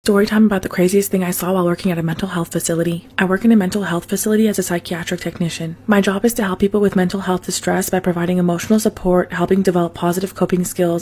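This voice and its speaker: A woman who works as a psychiatric technician, narrating a serious workplace story in a steady, matter-of-fact way. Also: lowish voice, slight background noise.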